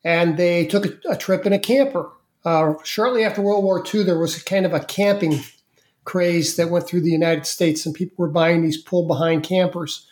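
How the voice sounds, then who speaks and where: Interview guest, casual storytelling, mid pitch, halting, lots of fillers, echoey room. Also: steady tone, a little mellow. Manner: halting, with many fillers and repeated words.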